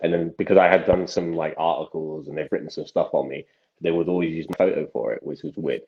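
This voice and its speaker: A young man, a magician telling stories from his life as a podcast guest, with animated delivery and frequent restarts. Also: extremely low pitch, quick pace. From England. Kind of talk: casual podcast storytelling. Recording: dull lo-fi sound.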